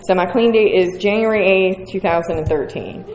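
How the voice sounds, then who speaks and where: Soft background music plays as a West Virginia woman shares at a recovery meeting in a roomy hall with a faint audience. Her mid-range voice is a little mellow at a moderate pace, and her story is frank, profane, and self-mocking.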